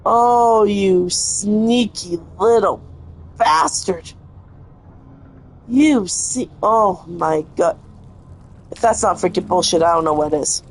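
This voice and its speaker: A woman's voice: medium pitch, slow pace, pauses often. A young woman giving live gameplay commentary, frustrated and cursing at the game as she plays. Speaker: gaming streamer.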